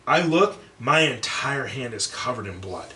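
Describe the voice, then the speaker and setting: A young man with a bright, forceful voice tells a crude story on a podcast, swearing freely and jumping into the voices of the people in it. He sits back from the mic in a roomy, echoey space with a faint hiss of background noise. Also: medium pitch, a little slow, distant mic. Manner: profane, animated, acts out quotes. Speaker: podcast co-host. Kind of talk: casual storytelling chat.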